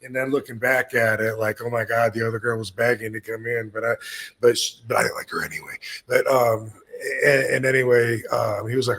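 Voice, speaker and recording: A man's voice: mid-range voice, level tone, brisk, fairly bright tone. A man in his fifties telling a long, rambling story in casual chat, swearing freely and laid-back. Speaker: podcast host telling stories.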